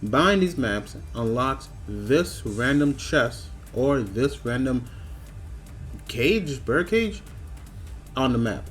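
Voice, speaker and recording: Animated male game reviewer, faint music. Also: medium pitch, slow pace. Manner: animated, mock-outraged rants with repeated questions. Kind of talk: scripted video game review voice-over.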